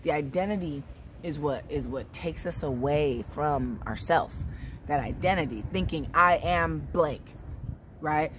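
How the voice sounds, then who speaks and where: Woman, lowish voice, laid-back spiritual vlogger, faint background noise. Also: normal speed. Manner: relaxed, chatty, repeats "right?" often. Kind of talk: casual spiritual vlog talk.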